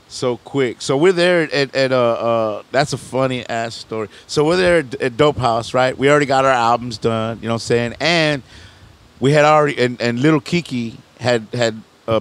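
A middle-aged man spins a long story as a guest on a podcast, speaking at an average pitch in easy, loose slang. He rambles and backs up to restart his sentences, and he keeps tossing in "you know what I'm saying". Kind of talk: casual storytelling interview.

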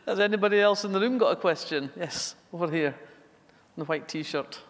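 A man with a fairly high voice reads audience questions aloud in a measured tone. He chairs the event from the stage. His words ring with a long hall reverb.

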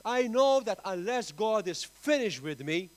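A Maltese pastor delivers a sermon at a slow, deliberate pace. His voice sits fairly high for a man, and his emphatic preaching rises loud and falls soft again and again. It is recorded in a church. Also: very animated, poor audio. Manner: emphatic preaching with big swings in pitch and loudness.

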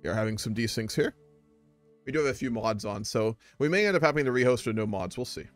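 A man's voice: mid-range voice, animated, quick pace, soft background music. Chatty young man streaming a strategy game. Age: young adult. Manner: chatty, greets viewers, rambles with fillers. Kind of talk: casual live-stream commentary.

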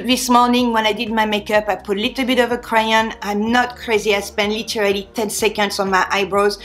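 A woman's voice: mid-range voice, a bit bright. A woman in her forties with a French accent, chatting candidly to camera as a beauty vlogger and sharing hair tips. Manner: chatty and candid, restarts with small slips. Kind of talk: casual talk to camera.

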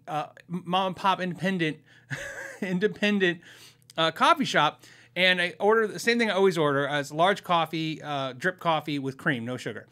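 Chatty, bright-voiced podcast host. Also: male voice, fairly high pitch. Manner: chatty, self-deprecating, acts out quoted voices. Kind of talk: casual storytelling.

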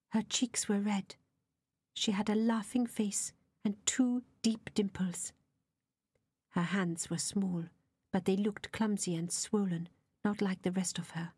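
A woman reading a novel aloud as an audiobook narrator, soft and often half-whispered. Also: mid-range voice, husky, dry recording.

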